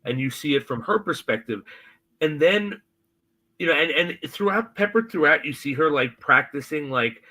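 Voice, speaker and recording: Guy on a podcast retelling a tv episode, husky and bright, gets really into it. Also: on the high side, moderate pace, low-quality recording. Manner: animated retelling, acts out the lines of the scene. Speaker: podcast co-host. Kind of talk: casual chat recapping a TV episode.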